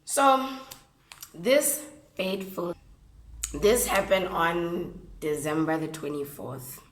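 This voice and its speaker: A woman with a Botswana accent, telling a story in a lively, slangy, casual way while eating on camera. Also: fairly low pitch, slow, echoey room. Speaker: vlogger.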